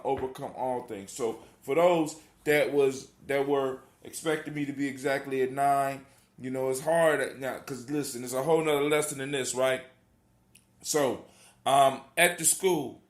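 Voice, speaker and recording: A man's voice: medium pitch, reverberant. A man hosting a call-in talk show, talking in a casual, rambling and motivational way, repeating his phrases. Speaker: host.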